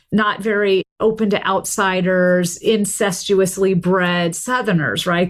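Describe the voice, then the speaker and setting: Woman professor from the south chatting on a podcast, explains things smooth and steady. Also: mid-range voice. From American South. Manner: articulate, explanatory, steady flow. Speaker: linguistics professor and author, guest. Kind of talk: casual interview talk.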